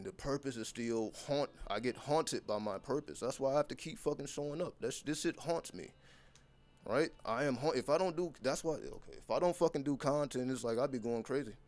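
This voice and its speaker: Speaking directly to his viewers, a male content creator with a medium-pitched voice delivers an unscripted motivational monologue. It's blunt, intense and heavily laced with profanity.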